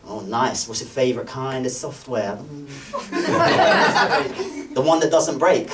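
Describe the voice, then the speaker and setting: A man's voice: medium pitch, a little slow, very noisy. A male comedian, the MC doing cheeky, teasing crowd work and laughing often. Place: live event venue with audience. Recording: distant mic, crowd laughter.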